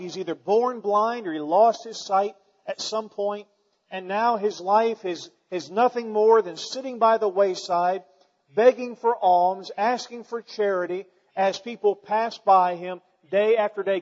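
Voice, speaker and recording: A male preacher delivering a sermon, telling a scripture story in his own words and building to forceful emphasis. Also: high voice, normal speed, in a large hall, lo-fi sound.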